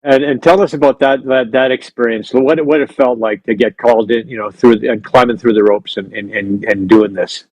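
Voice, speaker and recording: A man's voice: medium pitch, steady tone, fairly quick, few pauses, darkish tone, no echo, rough recording. A male host in a casual interview, eagerly chiming in and asking the guest to tell more. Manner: eager, lots of affirming interjections.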